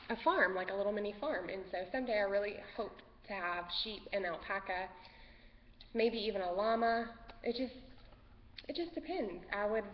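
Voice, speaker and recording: A woman hosting a casual craft podcast from home, nervous and rambling, easily sidetracked. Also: medium pitch. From Texas. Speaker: podcast host. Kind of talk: casual craft vlog chat. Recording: dull lo-fi sound with long reverb and faint noise.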